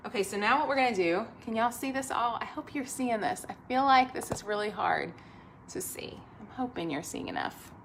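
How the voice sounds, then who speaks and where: A woman's voice: fairly high pitch, lively intonation, brisk, vocal fry, slight background noise. A woman hosting a live cooking stream, chatting upbeat and straight to her viewers while she cooks in her home kitchen. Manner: upbeat, talks straight to viewers, reads out comments. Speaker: host of a cooking livestream.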